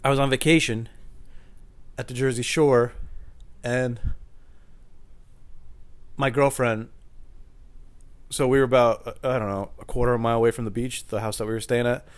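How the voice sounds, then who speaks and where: A man's voice: mid-range voice, steady tone, normal speed, pauses often. A man rambling alone for his podcast at home in the kitchen, casual, profane and self-deprecating. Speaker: podcast host. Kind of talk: solo rambling monologue.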